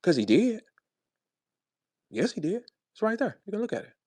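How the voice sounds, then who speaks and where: Heated, blunt man from St. Louis. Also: no room sound. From St. Louis, USA. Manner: blunt, profane, swings between low grumbling and high-pitched outbursts. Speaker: rapper speaking in an audio chat room. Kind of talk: heated casual rant.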